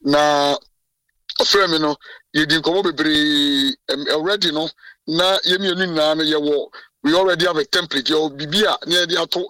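A Ghanaian man speaks emphatically in a radio interview, often restarting his sentences. His voice is bright and forceful, and it sits a little high. He is heard from some distance in a dry recording. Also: no room sound. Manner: code-switching, emphatic, frequent restarts. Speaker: president of a journalists' association.

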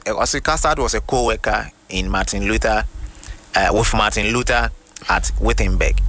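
A man with a Ghanaian accent preaching, reading quoted passages slowly and deliberately before explaining them. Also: on the low side, bright, forceful tone. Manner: reads quotations slowly and deliberately, then explains. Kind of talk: sermon teaching with quoted readings.

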